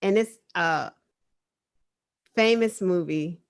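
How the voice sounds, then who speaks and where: A woman with a Boston accent co-hosting an online news talk show, animated and laughing often. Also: on the low side, takes it slowly, creaky. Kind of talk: casual chat.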